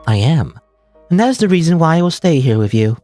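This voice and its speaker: A man doing a calm, stern female companion. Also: fairly high pitch, a little fast, dry recording, faint music behind.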